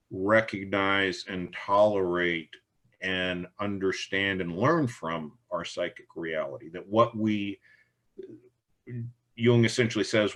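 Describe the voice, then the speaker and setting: A middle-aged man with a very low voice speaks unhurriedly as an interview guest. He reflects carefully on analytic work and tells stories from his practice in a measured way. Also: fairly bright tone. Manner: slow, reflective, storytelling with quoted dialogue. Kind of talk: thoughtful interview conversation.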